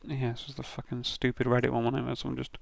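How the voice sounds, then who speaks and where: Gravelly, sweary British man. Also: medium pitch, monotone, quick pace, dry recording. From Britain. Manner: sweary, rambling banter with frequent laughs. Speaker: streamer. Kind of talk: casual commentary reviewing racing incident clips.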